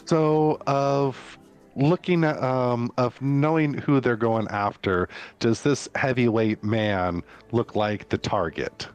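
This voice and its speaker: A man's voice: medium pitch, steady tone, slow pace, clear, resonant tone, faint music behind. A man playing in a tabletop game, talking hesitantly with lots of ums. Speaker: player. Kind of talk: casual tabletop play.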